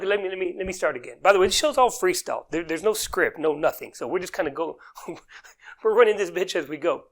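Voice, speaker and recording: A man's voice: high voice, fairly quick. A man hosting an unscripted comedy business news show, rambling and interrupting himself as he riffs. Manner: rambling, animated, self-interrupting. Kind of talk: freestyle comedic commentary.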